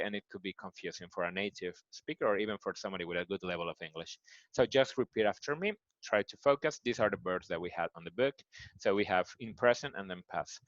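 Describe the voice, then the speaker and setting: Man, Mexican Spanish accent, English teacher, low voice, slow patient repetition, dull muffled audio. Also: a bit bright, dry recording. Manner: patient, repeats words slowly to model pronunciation. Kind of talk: recorded online grammar lesson.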